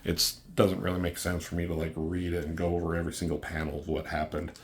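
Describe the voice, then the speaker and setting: A man's voice: sits low, monotone, fast, slight background noise. A man casually reviewing a comic book, rambling with lots of fillers and casual swearing.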